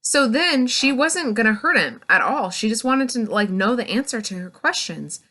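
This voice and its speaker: A woman giving a casual, chatty book review, retelling the plot with lots of "like" and quick acted-out bits of dialogue. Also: mid-range voice. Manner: chatty and animated, retells scenes in quick acted-out snippets, heavy "like".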